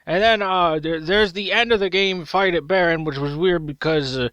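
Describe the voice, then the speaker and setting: A man calls an esports match in excitable, rapid play-by-play, his voice high and bright. He speaks right into a close mic with a dry, roomless sound. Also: clear, resonant tone, no room sound. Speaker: game caster, channel host. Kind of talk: comedic esports play-by-play commentary.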